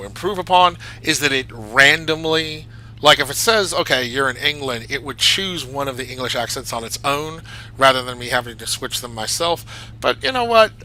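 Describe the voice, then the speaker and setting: Bright, chatty man. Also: mid-range voice, slight background noise, low-quality recording. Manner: chatty and enthusiastic, rambling asides. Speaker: flight simulator reviewer. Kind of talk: casual commentary.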